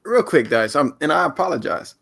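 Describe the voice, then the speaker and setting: A man's voice: fairly high pitch, big pitch swings, a little fast, creaky, a bit bright, husky. A man co-hosting a live music review stream, apologetic and self-mocking in casual chat. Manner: apologetic, joking. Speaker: co-host.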